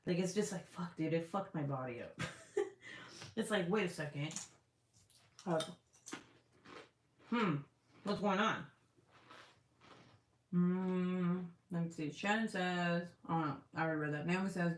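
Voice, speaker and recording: Lowish-voiced woman chatting in an echoey room. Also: measured pace, long pauses. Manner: profane, rambling, frequent fillers and laughter. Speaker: vlogger reading live chat. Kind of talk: casual live-stream chat. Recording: roomy echo.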